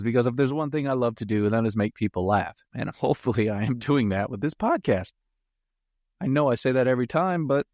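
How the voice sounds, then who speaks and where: A man's voice: medium pitch, darkish tone, dry recording, clean studio sound. A man hosting a solo podcast, reviewing a movie in a jokey, rambling way with self-mocking asides.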